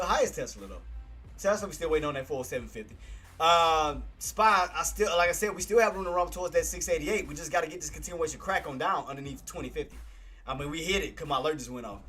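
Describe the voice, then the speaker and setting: A young man on a casual live stream, cheering market moves with loud excitement and turning soft and emotional. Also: on the high side. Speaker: live streamer talking stocks. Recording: faint music behind.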